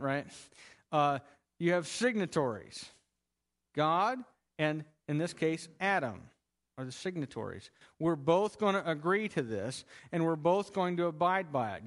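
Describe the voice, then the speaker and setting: A man's voice: on the high side, a bit bright. A man teaching a Bible lesson in a conversational, emphatic way, explaining step by step.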